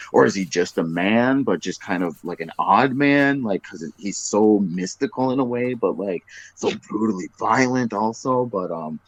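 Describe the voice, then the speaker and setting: A man's voice: fairly low pitch, dry recording. Rambling, profane man in casual talk. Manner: rambling, profane, animated retelling with acted quotes. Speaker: podcast guest. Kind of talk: casual chat. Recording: dry, muffled podcast audio.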